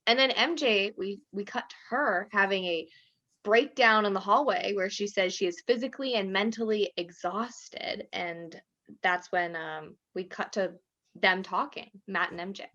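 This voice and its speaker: A young woman co-hosting a podcast in casual chat, animated and often mimicking the people she quotes. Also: mid-range voice, unhurried. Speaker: podcast co-host. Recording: dull lo-fi sound.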